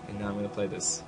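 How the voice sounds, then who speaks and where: A man doing let's play commentary on a horror game, jumpy and panicky, yelling at the screen. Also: lowish voice. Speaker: gamer playing a horror game.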